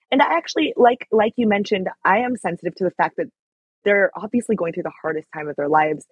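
Brief: young woman guest, chatty, lots of "like", quick husky delivery. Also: mid-range voice, no echo, dull audio. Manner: chatty, lots of fillers and likes. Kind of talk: casual storytelling.

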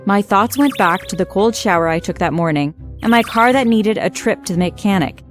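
A woman's voice: mid-range voice, brisk, soft background music. Woman telling a wry story. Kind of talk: scripted first-person story narration.

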